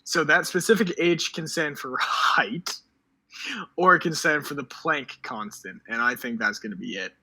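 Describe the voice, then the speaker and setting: A man's voice: a little high, normal speed, sharp tone, slightly rough, rough recording. A teenage boy co-hosting a live stream, quizzing and joking in loose, rambling banter. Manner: joking, rambling word associations. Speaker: podcast co-host.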